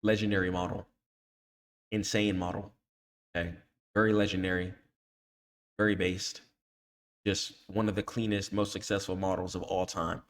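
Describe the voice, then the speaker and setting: A man's voice: low-pitched, level tone, normal speed, pauses often. A man teaching trading on a chart, talking in casual slang and tagging "okay?" onto nearly every point. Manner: scolds emphatically when warning against emotional trading. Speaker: trading educator. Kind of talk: screen-share chart tutorial.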